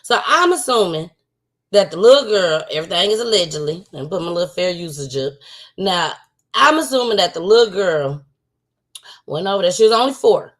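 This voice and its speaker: A woman's voice: lowish voice, animated, a little fast. A woman hosting a casual livestream talk show. She talks outspokenly and repeats points for emphasis.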